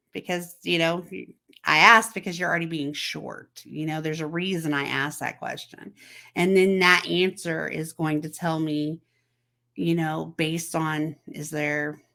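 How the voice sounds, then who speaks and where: A woman with a somewhat low voice talks in a casual chat to camera. She speaks conversationally, turns to the viewer with questions, and acts out text messages in little quoted voices. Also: measured pace, creaky, sharp tone. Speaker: host.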